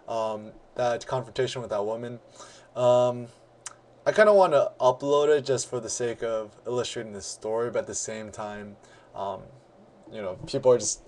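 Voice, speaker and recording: A man vlogging about his camera gear in a relaxed, rambling way, full of ums and restarts. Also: mid-range voice. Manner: relaxed, many ums and restarts, chatty storytelling. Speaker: photography vlogger. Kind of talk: casual rambling vlog.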